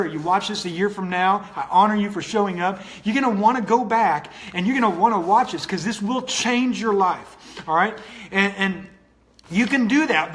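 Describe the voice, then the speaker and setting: A man's voice: high voice, a bit bright. A man coaching viewers in a motivational livestream, talking in an earnest, repetitive way and greeting people by name. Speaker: online coach.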